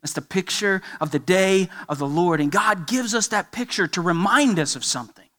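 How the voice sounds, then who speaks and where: A man's voice: high voice, bright, forceful tone. A man preaching a sermon as pastor, emphatic and building with repeated phrases.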